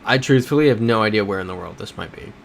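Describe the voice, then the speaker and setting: A man with a fairly low voice talks through a live game stream, chatty and thinking aloud as he reacts to his chat. A faint air-conditioning hum sits behind him. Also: expressive, quick pace, creaky.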